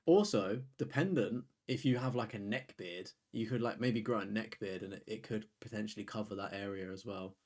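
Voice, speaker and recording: A man's voice: on the low side, a little fast, few pauses, darkish tone. A man, hosting a live stream and chatting casually with his viewers. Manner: rambling, chatty, reads and answers chat. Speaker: streamer host.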